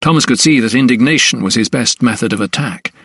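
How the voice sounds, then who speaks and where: A man narrating a historical mystery audiobook in an even, measured way. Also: mid-range voice, slightly rough, dry recording, studio quality. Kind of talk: scripted narration.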